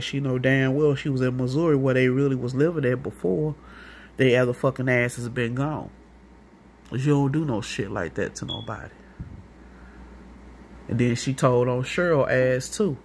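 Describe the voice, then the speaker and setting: A woman's voice: very deep voice, a little mellow, a little hiss or hum. A woman with a St. telling a long, rambling, profane story in a casual monologue, acting out what other people said. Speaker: vlogger.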